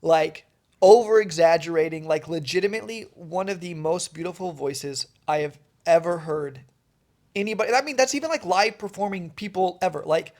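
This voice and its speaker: A man's voice: high-pitched, normal speed, a little mellow. A man co-hosting a podcast in casual chat, telling stories enthusiastically and rambling with lots of "like.". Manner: enthusiastic, rambling, heavy on "like" fillers. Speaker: podcast co-host.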